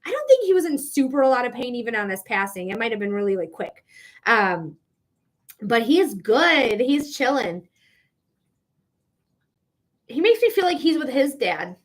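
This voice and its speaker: A woman with a high, bright-pitched voice gives a live-streamed psychic reading. She chats loosely, filling her speech with "like" and laughing easily. She is open with her feelings as she talks. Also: sing-song, moderate pace, long pauses. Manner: chatty, heavy use of "like", emotional and laughing. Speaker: psychic reader.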